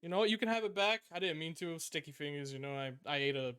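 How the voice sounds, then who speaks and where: A man's voice: a little high, expressive, fast, fairly bright tone, clean tone, faint music behind. A man voicing a cocky young male street urchin thief, babbling fake apologies. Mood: fake-apologetic.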